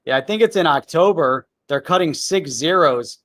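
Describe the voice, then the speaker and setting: A man with a slightly raised pitch hosts a live show, talking in a loose, chatty way and leaning on "man" and "you know". His voice sounds dry and close, with almost no room around it. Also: expressive, normal speed, a bit bright, no room sound. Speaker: livestream show host. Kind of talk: casual chat.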